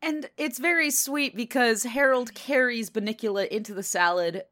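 A woman co-hosting a podcast, retelling a children's book in a chatty, animated way and swearing casually. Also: a little high, moderate pace. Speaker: podcast co-host.

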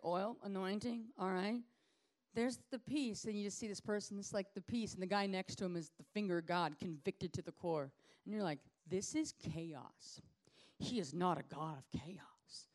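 A woman ministry leader giving an informal teaching sermon in a lively, conversational way, acting out the people she talks about. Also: medium pitch. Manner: lively conversational preaching, acts out quoted people.

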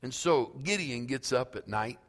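A male pastor preaching a sermon slowly and emphatically, reading scripture aloud in a church. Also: mid-range voice, animated, fairly bright tone, big-room sound.

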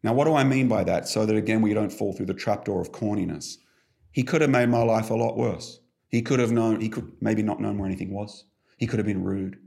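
A middle-aged man with a low, gravelly voice talks as a coaching guest on a podcast. He tells his stories with animated emphasis and leans hard on key words. His creaky low tone carries through his explanations. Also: brisk. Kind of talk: podcast conversation.

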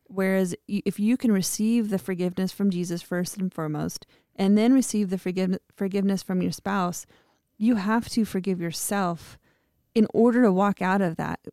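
A woman co-hosting a faith podcast, speaking calmly and reflectively. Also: medium pitch, moderate pace, no echo, studio quality. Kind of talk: casual faith chat.

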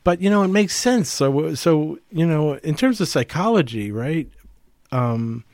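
A man's voice: fairly high pitch, lively intonation, measured pace, a little mellow, no room sound. A man co-hosting a casual podcast, musing aloud with many fillers and rhetorical questions. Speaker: podcast co-host.

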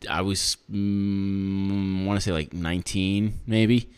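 Low-voiced man telling a story casually. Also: slow, smooth. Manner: animated storyteller, acts out his own shouting in a raised voice. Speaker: podcast co-host.

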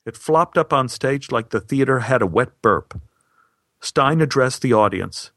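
A man telling a personal anecdote with wry, deadpan humor. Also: mid-range voice, unhurried, no room sound, studio quality. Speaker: storyteller. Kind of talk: personal storytelling.

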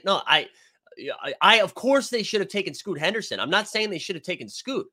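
Man, bright voice, a bit high, casual live-stream host, rambling, jokey, reads chat comments. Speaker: sports show host reading live chat.

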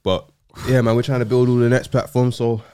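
A man's voice: medium pitch, little pitch movement, a little fast, mellow, clear, resonant tone. A young man hosting a podcast, talking in laid-back, slang-heavy casual chat. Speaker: podcast host.

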